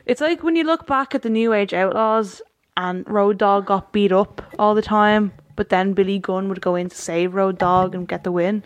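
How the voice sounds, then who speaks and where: A woman co-hosts a casual chat about a wrestling show at a middle pitch. She laughs often and trips over her restarts as she talks. The room is dry and close. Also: steady tone, moderate pace, hardly any pauses, no echo. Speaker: podcast co-host.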